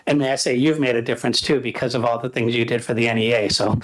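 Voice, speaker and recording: A man's voice: medium pitch, fairly even intonation, quick pace, poor audio. Earnest retired male teacher testifying. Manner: earnest, heartfelt storytelling. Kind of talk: personal testimony at a hearing. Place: legislative committee room.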